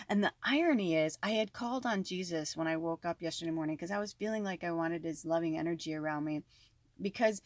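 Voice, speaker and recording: A woman telling a personal story to her viewers in a casual, animated way, with lots of fillers and frequent swearing. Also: lowish voice, brisk, no echo, studio quality. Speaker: spiritual medium.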